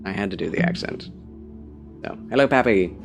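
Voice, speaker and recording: A man's voice: medium pitch, animated, moderate pace, gravelly, music in the background. A man live-streaming a game, chatting casually and theatrically with his viewers.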